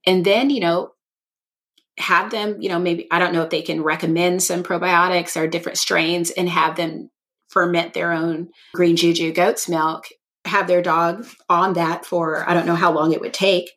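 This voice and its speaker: A woman's voice: fairly low pitch, little pitch movement, moderate pace, fairly bright tone. A woman co-hosting a podcast, chatting casually and thinking aloud in long, rambling sentences. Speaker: podcast co-host. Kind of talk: casual chat.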